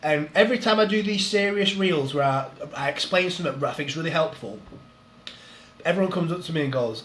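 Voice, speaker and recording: A man's voice: a little high, quick pace, a bit bright, slight background noise. A man, a strength coach, chatting in an interview, explaining things eagerly and laughing at himself. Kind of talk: casual interview chat. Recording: roomy echo.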